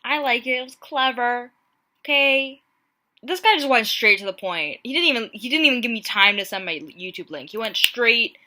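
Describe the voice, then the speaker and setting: Bright, playful woman reading dating messages. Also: fairly high pitch, lively intonation, moderate pace. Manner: playful, self-mocking, reads messages aloud. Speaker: YouTuber. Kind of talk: casual vlog commentary. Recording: home mic, plain audio quality.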